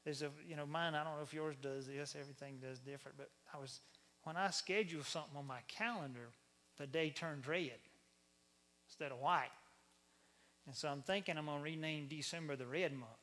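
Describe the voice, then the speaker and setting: A man with a Southern accent preaching a sermon in an animated, conversational storytelling manner. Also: on the high side, normal speed, pauses often. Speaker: pastor.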